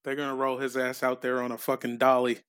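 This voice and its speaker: A man co-hosting a podcast, talking in a low-key, dry way with some hesitation. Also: completely flat delivery, fast talker, a bit bright, smooth. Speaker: podcast co-host. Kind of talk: casual chat, reading listener letters.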